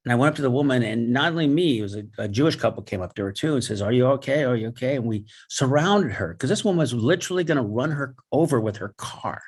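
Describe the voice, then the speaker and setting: A man's voice: mid-range voice, lively intonation, fast talker, hardly any pauses, husky. A man talking earnestly in a casual, storytelling way, often repeating and stumbling over his words. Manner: earnest, repeats himself, stammers. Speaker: host and guest speaker. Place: Los Angeles area home. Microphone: video call.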